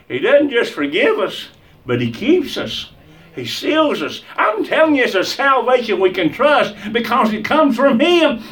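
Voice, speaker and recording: A man preaches a sermon in a high, unhurried voice, building emphasis through repeated phrases. He sounds a little distant from the microphone. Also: a bit bright. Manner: emphatic, repetitive preaching cadence.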